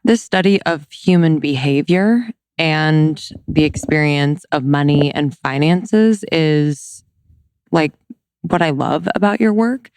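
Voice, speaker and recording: Unhurried woman podcast host, smooth voice. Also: low voice, dry recording. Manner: warm reactions, laughs along, unhurried questions. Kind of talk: casual interview chat.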